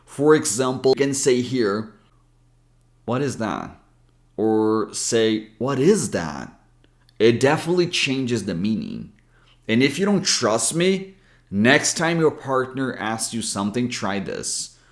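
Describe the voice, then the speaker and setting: A man's voice: medium pitch, animated, measured pace. A man with an American accent, patiently explaining pronunciation in a recorded video lesson. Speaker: English pronunciation coach.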